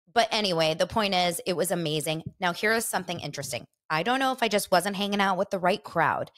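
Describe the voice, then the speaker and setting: A woman hosting a casual chat show, telling a rambling story full of fillers. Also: medium pitch. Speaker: podcast host.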